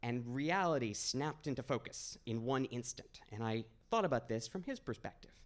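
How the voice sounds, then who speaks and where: A man's voice: medium pitch, lively intonation, moderate pace. A young man from Maine telling a personal story at a live storytelling event, in a conversational, wry, self-deprecating way. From Maine, USA. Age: 20s. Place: small stage at a storytelling event.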